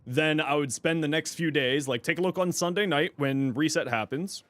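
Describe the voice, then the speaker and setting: A man's voice: on the high side, normal speed, a bit bright, no room sound. A man from Toronto, streaming and chatting casually with viewers in a laid-back, rambling way. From Toronto, Canada. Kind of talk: casual livestream chat answering viewers.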